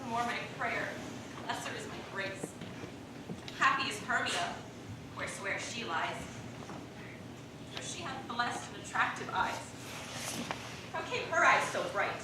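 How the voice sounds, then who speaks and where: A woman playing a lovesick, wounded young woman. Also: on the high side. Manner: earnest verse, rising to indignant outbursts. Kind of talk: stage play acting. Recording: distant echoey stage recording, noisy.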